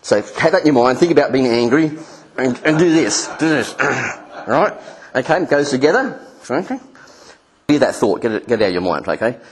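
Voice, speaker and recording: A man's voice: animated, moderate pace. A man preaching a sermon who walks his listeners through a hands-on exercise and jumps into angry voices to act out the people he describes. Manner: acts out angry voices with sudden pitch jumps.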